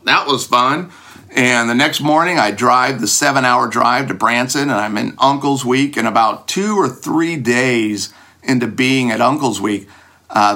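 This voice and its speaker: A man telling a personal story in a self-deprecating, animated way, jumping his voice up high to act out what he and others said. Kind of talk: personal anecdote told to an audience.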